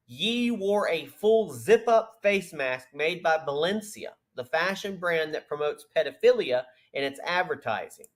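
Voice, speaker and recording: A man's voice: a little high, a bit bright. A man hosting a political podcast, reading news aloud with sarcastic asides. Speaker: podcast host. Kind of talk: political commentary.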